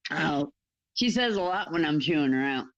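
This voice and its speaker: A guest on a live stream chatting casually, talking haltingly and laughing between words. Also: medium pitch, lively intonation, lo-fi sound. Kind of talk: casual chat.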